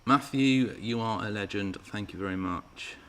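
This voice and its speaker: A man's voice: on the low side, moderate pace, fairly bright tone. A man hosting a live Q&A stream, chatting with viewers and reading out their comments. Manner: chatty and playful, teasing viewers. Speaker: RC car channel host.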